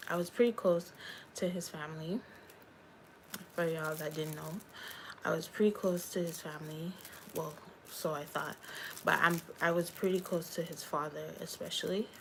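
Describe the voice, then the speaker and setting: Young woman on a casual livestream, low gravelly voice, unhurried, candid chat with viewers. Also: steady tone, a little hiss or hum, low-quality recording. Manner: candid, talks straight to viewers as y'all. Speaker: YouTuber and hairstylist.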